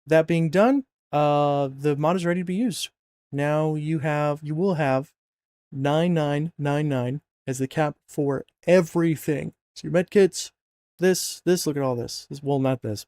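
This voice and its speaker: A man's voice: a little high, unhurried, darkish tone, no room sound. Casual rambling man, dry close voice. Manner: rambling, informal, jokey with filler and self-corrections. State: yawning, sleepy. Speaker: mod install tutorial narrator. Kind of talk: casual screen-recorded tutorial.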